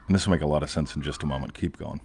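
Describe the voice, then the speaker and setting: A man's voice: rumbling low, racing, vocal fry, a little mellow, slightly rough. A man hosting a casual chat, rambling and emphatic, often tagging "right?" and swearing offhandedly. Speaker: host.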